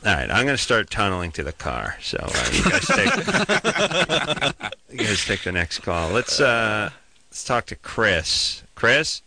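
A man's voice: on the low side, huge pitch swings, slow pace, pushed and bright, a little hiss or hum. Sarcastic, joking male radio host. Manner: joking, sarcastic, rambling with restarts. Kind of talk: casual radio call-in banter.

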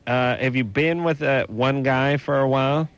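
A man's voice: medium pitch, fairly even intonation, moderate pace, dry recording, muffled recording. A man hosting a radio call-in show, giving advice with playful teasing and jokes. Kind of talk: joking advice talk.

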